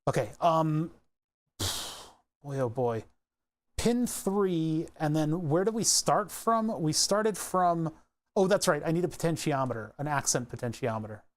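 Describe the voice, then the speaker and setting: A streamer in a chill livestream, talking at a medium pitch, unhurried and half to themselves. Sentences trail off and get corrected along the way, like someone thinking out loud while working. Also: expressive. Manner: muttering to self, frequent self-corrections. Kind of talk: relaxed think-aloud livestream narration.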